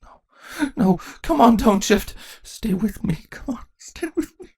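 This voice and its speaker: A man voicing an exhausted, grieving female changeling queen in a high, trembling, pleading voice for a storybook reading. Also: extremely slow, fairly bright tone, no echo, full character voice. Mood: desperate pleading.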